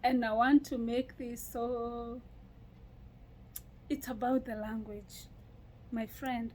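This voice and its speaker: Kenyan woman vlogging, animated, lots of restarts, a bit high voice. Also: slow, slight background noise, low-quality recording. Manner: animated storytelling with frequent laughs and restarts. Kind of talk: casual chat.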